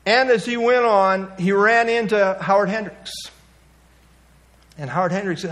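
Preaching with a high, fairly bright voice and a brisk pace, this pastor tells stories casually and folksily, tossing in asides and building emphatically on his main points.

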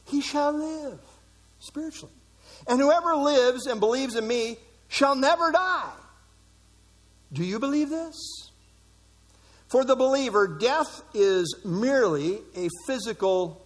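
A middle-aged man preaching a sermon, emphatic, with dramatic pauses. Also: very high voice. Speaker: pastor.

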